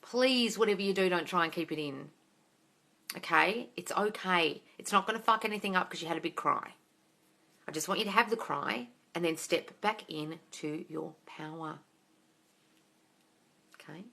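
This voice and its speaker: A woman's voice: fairly low pitch, normal speed, gravelly, pauses often, sharp tone. A woman hosting a casual live-stream Q&A. She reads out viewer comments, swears freely and calls listeners darling. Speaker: host of a manifesting Q&A live stream.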